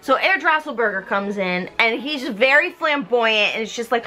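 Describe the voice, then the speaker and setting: A young woman, a little drunk, rambles through a retelling in a high, sparkling voice. Her tone is sarcastic and playful, and she keeps dropping into silly character voices. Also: animated, normal speed, few pauses, pushed and bright, soft background music, rough recording. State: tipsy from drinking. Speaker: comedy vlogger. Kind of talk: tipsy comedic retelling.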